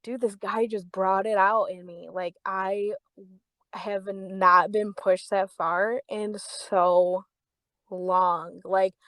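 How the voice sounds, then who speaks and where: A woman's voice: fairly even intonation, slow, fairly bright tone, dry recording. A young woman hosting a podcast, telling a story in a casual, heated way, swearing freely, saying "like" often and acting out the voices in her story. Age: young adult. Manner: reenacts dialogue with raised pitch. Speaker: podcast host.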